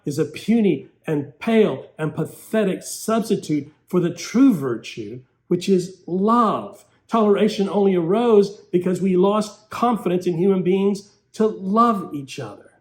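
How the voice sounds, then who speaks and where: A man preaching with a voice pitched a little above the usual for men. He talks in an emphatic, rhetorical way, leaning on key words and putting on mocking quotes. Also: darkish tone. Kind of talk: sermon.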